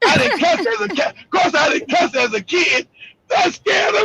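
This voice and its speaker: A male host who talks loudly with profanity and often shouts through animated retellings. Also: extremely high pitch, moderate pace, creaky, very noisy. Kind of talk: heated live broadcast talk.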